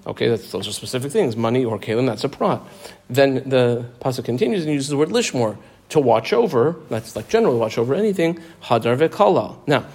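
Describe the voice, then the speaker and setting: A man teaching a Talmud class, his pitch leaping around as he explains. He moves between reading the text and chatty, playful everyday examples.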